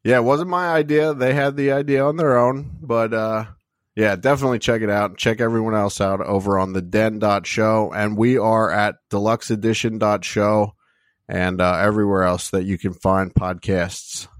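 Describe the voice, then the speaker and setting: A man hosting a podcast, chatting in a relaxed, laid-back way and plugging sponsors. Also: fairly low pitch, moderate pace, dry recording. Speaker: podcast host. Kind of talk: casual chat with sponsor plugs.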